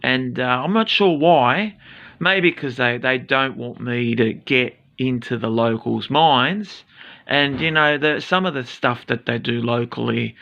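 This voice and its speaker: A man's voice: medium pitch, measured pace, creaky, bright, forceful tone, dull audio. A man in his forties with an Australian accent, talking casually to camera in a rambling, blunt, sweary way full of fillers. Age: 40s.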